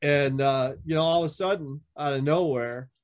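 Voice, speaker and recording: A man's voice: normal speed, slight background noise. A man, a veteran motorcycle club member on a podcast, telling stories casually, swearing often and acting out what others said. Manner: profane, acts out quoted dialogue with shifting pitch. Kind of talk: casual storytelling.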